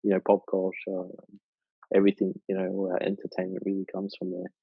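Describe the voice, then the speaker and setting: A man's voice: low-pitched, completely flat delivery, brisk, gravelly, breathy edge, no echo. Rambling young Australian man, lo-fi. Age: 20s. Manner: rambling, heavy fillers and restarts. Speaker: podcast guest. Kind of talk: casual chat. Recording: dull lo-fi dry sound.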